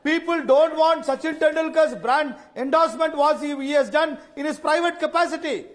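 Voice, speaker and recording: A man arguing passionately as a panelist in a heated TV debate, firing rhetorical questions. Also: very high-pitched. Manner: impassioned, rapid rhetorical questions.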